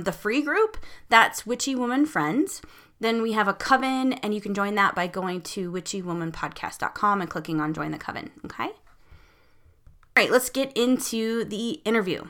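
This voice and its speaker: A woman's voice: a little high, fairly bright tone. A woman hosting a podcast, talking in a casual, chatty way with lots of ums. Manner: chatty, filler-heavy, friendly. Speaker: podcast host.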